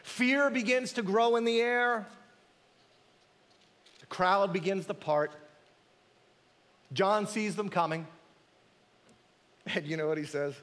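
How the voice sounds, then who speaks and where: A man's voice: sits high, slow pace, pauses often, fairly bright tone. A man preaching a sermon as pastor, emphatic and dramatic, acting out the voices in the passages he quotes. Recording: echoey hall.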